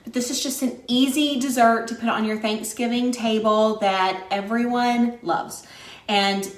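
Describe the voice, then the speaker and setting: A woman's voice: a little high, fairly even intonation, measured pace. A woman from West Virginia hosting a live cooking stream, chatting with viewers in an upbeat way and laughing often. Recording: echoey room sound.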